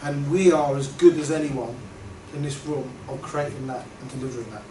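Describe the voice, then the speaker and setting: Earnest man presenting in an echoey room. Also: medium pitch. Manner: halting, earnest, trailing off softly. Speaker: workshop presenter. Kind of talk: reflective talk to a group. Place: meeting room. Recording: echoey room from far off, noisy.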